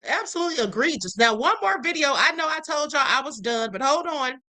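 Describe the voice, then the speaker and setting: A woman's voice: high-pitched, animated, fairly quick, pushed and bright. A woman hosting a livestream, giving outspoken casual commentary on clips and reading viewer comments aloud. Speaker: livestream host.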